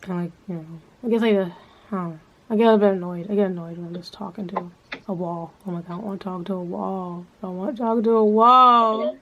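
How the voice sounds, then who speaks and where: A woman's voice: fairly low pitch, steady tone, fast talker. A woman talking in a casual, rambling monologue, swearing freely and filling her speech with filler words. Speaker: vlogger. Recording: dull lo-fi sound with faint background noise.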